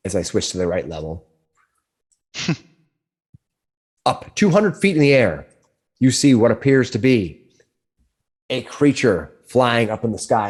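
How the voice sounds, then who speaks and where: A man's voice: medium pitch, darkish tone, husky. Rambling male game master. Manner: rambling, with many restarts and fillers. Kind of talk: narrating a tabletop game.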